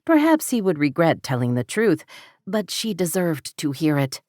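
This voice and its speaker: Woman audiobook narrator, low voice, dry close recording, measured romance reading. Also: sing-song, a little mellow, no echo.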